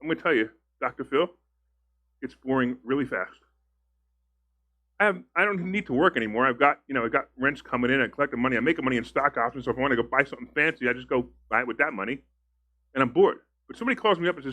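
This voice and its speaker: A man's voice: mid-range voice, very fast, bright, forceful tone. A man teaching a live investing seminar, telling stories in a chatty way, asking the room questions and acting out both sides of his conversations. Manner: chatty, asks the audience questions. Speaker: real estate investing instructor. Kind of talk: live seminar talk to an audience.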